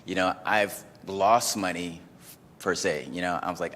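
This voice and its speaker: Deep-voiced man telling a story in a hall. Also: unhurried, a little hiss or hum. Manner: animated, acts out his own inner voices; casual, peppered with "like" and "you know". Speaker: event speaker. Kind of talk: personal storytelling talk. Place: event venue.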